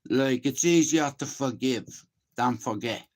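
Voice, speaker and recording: A man in his fifties from Ireland, who hosts a channel, speaks in a mid-range voice at a slightly slow pace. His monologue is casual and emphatic, full of swearing, and he keeps checking that the listener is following.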